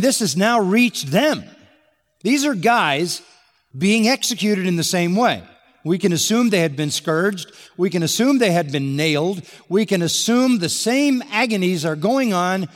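A man preaching verse by verse, his voice pitched a little high and punching hard on the points he wants to land. Long reverb from a large hall trails after each phrase. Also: animated, unhurried. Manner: emphatic, rising to exclamation on key points. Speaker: pastor. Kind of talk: expository sermon.

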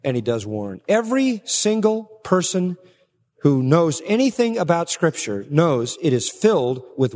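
Male preacher, high-pitched, emphatic sermon delivery, long hall reverb. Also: big pitch swings, darkish tone. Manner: emphatic, swings between raised stresses and low, slow drops.

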